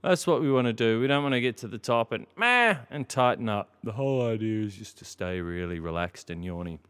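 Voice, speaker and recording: A man leading a singing lesson as a vocal coach, in a relaxed, encouraging way, showing how to sing scales with a yawny sound. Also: lowish voice, fast talker, clear, resonant tone. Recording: piano accompaniment loud behind the voice.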